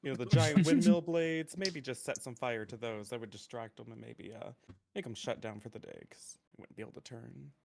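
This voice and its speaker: A man's voice: medium pitch, a little fast, vocal fry, a little mellow. A man playing a tabletop game who earnestly suggests plans. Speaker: player. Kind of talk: casual tabletop play.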